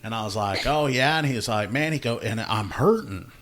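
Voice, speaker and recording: A man who hosts a relaxed podcast and tells his stories with a grin, laughing often. He acts out both sides of the conversations he retells. His voice sits in a middle, everyday range for a man. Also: medium pitch, fast talker. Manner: laughing storyteller, acts out dialogue. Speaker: podcast host, law enforcement officer. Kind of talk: casual chat, storytelling.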